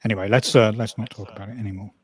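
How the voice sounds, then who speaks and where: A man's voice: lowish voice, steady tone, racing, slightly rough, no echo. An Australian man hosting a casual livestream chat, talking bluntly and defiantly. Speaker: livestream host. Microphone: desk mic on a stream.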